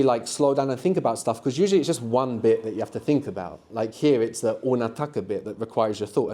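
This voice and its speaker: A man's voice: medium pitch, mellow. A man teaching a live beginners' language workshop, patiently explaining and prompting students to answer.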